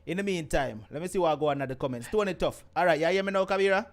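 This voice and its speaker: A man's voice: on the high side, lively intonation, racing. A man with a Jamaican accent hosting a live call-in stream, teasing his caller and reading out viewer comments. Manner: teasing, laughs often, reads viewer comments aloud. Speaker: host of a live call-in show. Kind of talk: casual live-stream chat.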